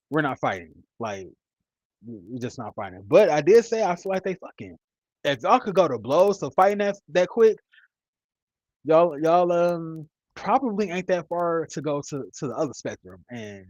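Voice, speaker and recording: A man's voice: medium pitch, no room sound, rough recording. A man in his mid-thirties giving casual, rambling commentary as a reality TV reviewer, blunt and profane. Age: 30s.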